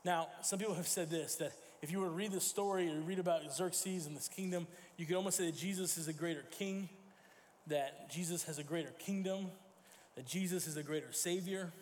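Man, pastor, sermon, high voice, storytelling, long hall reverb. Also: brisk, a little hiss or hum. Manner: storytelling with acted quotes and self-corrections. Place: church sanctuary.

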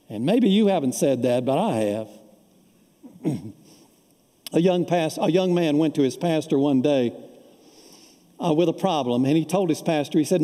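A man's voice: on the high side, expressive, normal speed, pauses often, warm tone. A male pastor preaching a sermon, telling folksy anecdotes to make his points. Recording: long reverb of a large hall.

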